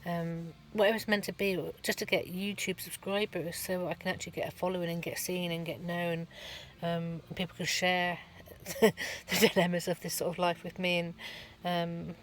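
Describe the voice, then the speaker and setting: A woman's voice: lowish voice, level tone, moderate pace. A middle-aged woman, giving a rambling, chatty vlog update from her van at a garage, full of ums and restarts. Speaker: van life vlogger.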